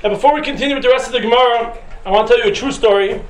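A Torah teacher with an extremely high-pitched, rapid-fire voice tells a personal story to his class, casual and humorous, chatty and full of fillers. The room is roomy and echoing, with faint noise.

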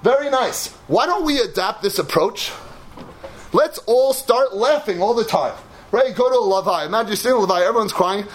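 A man giving an animated Torah sermon, building to shouts and peppering his talk with Hebrew and Yiddish terms. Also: sits high, brisk, slight background noise.

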